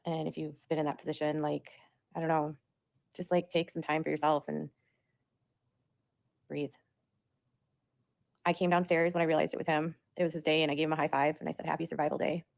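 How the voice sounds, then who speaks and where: A woman's voice: low-pitched, vocal fry, darkish tone. A woman talking on a livestream in a rambling, repetitive way, with lots of "like". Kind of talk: livestream monologue.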